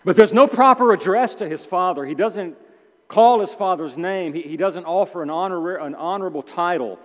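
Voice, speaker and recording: A man preaching a sermon in an animated way, acting out the characters' complaints with sudden emphatic outbursts. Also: high voice, normal speed. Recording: dull sound with long hall reverb.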